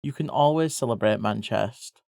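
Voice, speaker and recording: A livestreamer chatting casually with viewers while drawing, swearing freely and breaking into excited yelps. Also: mid-range voice, a little fast, gravelly, no room sound, studio quality.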